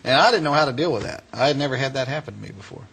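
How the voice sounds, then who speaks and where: A man, a guest in an interview who tells a lively story and often laughs. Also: medium pitch, rapid-fire, gravelly, slightly rough. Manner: laughing, lively anecdote telling. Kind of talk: animated storytelling.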